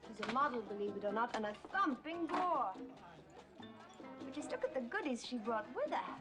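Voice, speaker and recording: An actress playing a flighty, glamorous young hostess in a 1960s film, breezy and gushing. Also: female voice, a little high, animated, normal speed, music in the background, close to an everyday voice. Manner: breezy, gushing chatter full of "darling". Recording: film party scene with crowd chatter.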